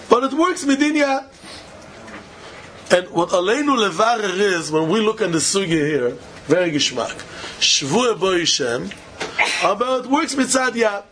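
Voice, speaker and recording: A man with a high voice lectures on Talmud in a sing-song study chant. He presses his questions and laughs between points. Faint noise hums behind him. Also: a bit bright. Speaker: Talmud teacher. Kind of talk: yeshiva-style Talmud lecture.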